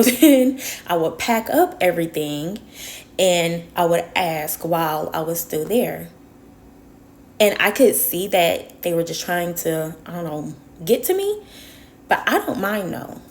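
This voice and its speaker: A woman vlogger with a voice on the low side tells a personal story in a casual monologue, repeating herself emphatically for stress. She then offers earnest advice to her viewers.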